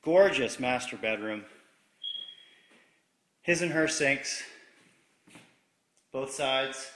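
This man speaks at medium pitch, expressive and a bit bright, drawing out his words. He's a real estate agent leading a lighthearted, joking walkthrough of a big vacant house on handheld camera, moving from room to room, with echo and slight background noise.

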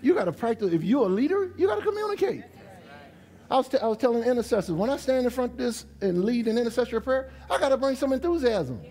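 A middle-aged man from New Orleans with a New Orleans accent, a pastor preaching a lively sermon to his congregation in a church. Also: very high voice, fast, few pauses. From New Orleans, USA. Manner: animated preaching, dialect-rich, talks straight to the congregation. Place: church sanctuary.

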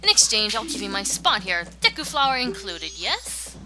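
A woman's voice: mid-range voice, very animated, normal speed, close to an everyday voice. Bargaining Deku scrub trader, as a woman reads him. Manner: reading game dialogue aloud, lightly performed. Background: game music.

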